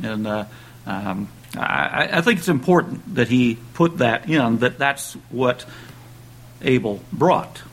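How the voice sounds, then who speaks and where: Preaching in a casual, conversational style, a man restarts sentences and raises his pitch and volume for dramatic scripture readings. His voice is a bit bright, and the audio is poor.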